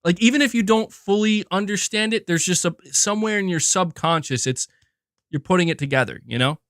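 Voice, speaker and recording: Animated, profane man on gaming commentary. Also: high-pitched, a little fast, no echo, clean studio sound. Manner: animated, profane, restarts often, mocking impressions. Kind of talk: casual commentary chat.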